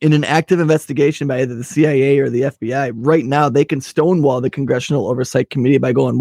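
A man's voice: mid-range voice, fairly even intonation, fast talker, gravelly, few pauses, darkish tone, no room sound, studio quality. A man co-hosting a casual political chat show, rambling and swearing freely. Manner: rambling, profane, crude. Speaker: podcast co-host.

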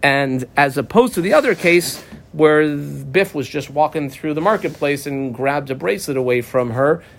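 Male Talmud teacher, casual and folksy, fairly high voice, lively pitch. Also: moderate pace, vocal fry, slight background noise. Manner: animated, folksy, mixes in Hebrew and Aramaic terms. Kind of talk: casual lecture reading through a text.

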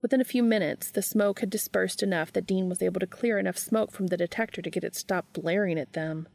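A woman reading a story aloud in a calm, even storytelling manner, close to the mic. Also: mid-range voice, a little fast, creaky, dry recording. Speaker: reader. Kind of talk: reading fan fiction aloud.

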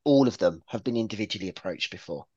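A man's voice: lowish voice, fast, slightly rough, no room sound, lo-fi sound. A man from England, a guest on a podcast, chatting casually and telling stories with lots of stammers and restarts. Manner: lively storyteller, stammers and restarts.

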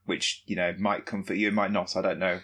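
A man's voice: low voice, level tone, brisk, fairly bright tone. A man co-hosting a podcast in casual chat, dry and matter-of-fact. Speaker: podcast co-host.

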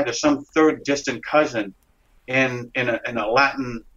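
A man, an interview guest, telling a dramatic story in a rambling, excited way with frequent restarts and swearing. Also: mid-range voice, normal speed. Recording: dull lo-fi recording.

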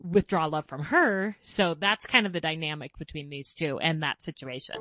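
Woman, podcast host, mother, lowish pitch, dry recording, candid and laughing. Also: normal speed, pushed and bright, dry recording. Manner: candid, laughs often while describing her kids. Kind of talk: casual podcast chat.

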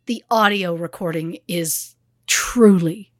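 A woman's voice: lowish voice, slow pace, dry recording, studio quality. A woman co-hosting a podcast, telling a true crime story in a blunt, conversational way with small fillers. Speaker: podcast co-host.

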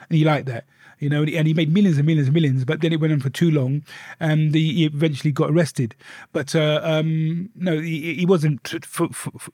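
A man speaking as a guest in a candid life-story interview, an animated storyteller who often repeats his words. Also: fairly high pitch, dry recording, clean studio sound.

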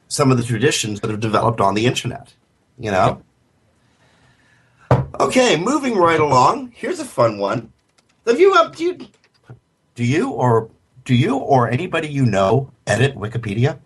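A man co-hosts a web radio show with a slightly husky voice. He talks casually and chattily, filling gaps with ums and restarting his sentences. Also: mid-range voice. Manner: chatty with many fillers and restarts. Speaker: podcast co-host.

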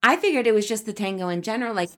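A woman co-hosting a podcast in casual chat, quick-witted and teasing. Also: mid-range voice, expressive. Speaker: podcast co-host.

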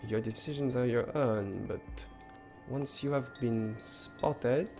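A man voicing a formal, cryptic male guide of a digital realm, speaking slowly and courteously. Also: medium pitch, darkish tone, soft background music. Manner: slow, measured and courtly.

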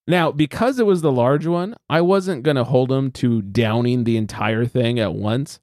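A man's voice: medium pitch, normal speed, hardly any pauses, no echo, studio quality. A man hosting a podcast in casual chat, telling stories with lots of swearing and acted-out quotes. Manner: animated storyteller, swears freely, acts out quotes. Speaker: podcast host.

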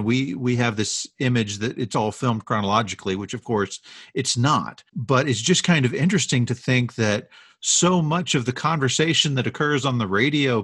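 Man, podcast co-host, husky voice, dry close sound, eager storyteller. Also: mid-range voice, no room sound. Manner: enthusiastic storyteller, animated retellings. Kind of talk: casual chat telling film history.

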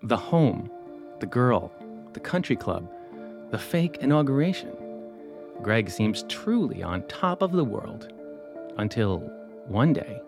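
A man's voice: mid-range voice, sing-song, slow pace, vocal fry, long pauses, over music. A man, the host, narrating the story in a scripted, dramatic way with teasing questions.

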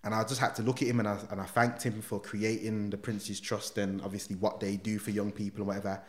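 A man telling an animated personal story as a podcast guest, full of slang. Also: fairly low pitch, fast. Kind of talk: casual storytelling.

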